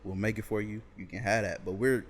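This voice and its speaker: A young man talking casually as a podcast guest, relaxed and laughing as he acts out his friends. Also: fairly low pitch, a little fast. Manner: laid-back, animated when quoting friends. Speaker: podcast guest, comedy video creator. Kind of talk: casual chat.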